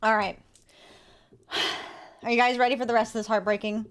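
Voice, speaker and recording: A woman streamer giving casual, animated gameplay commentary with quick asides and laughter. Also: on the high side.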